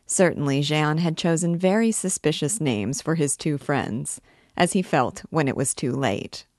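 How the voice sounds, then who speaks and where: A woman reading a classic novel aloud as a guide, in a clear, even storytelling manner. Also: low voice, normal speed, dry recording, clean studio sound. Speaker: book reader and guide.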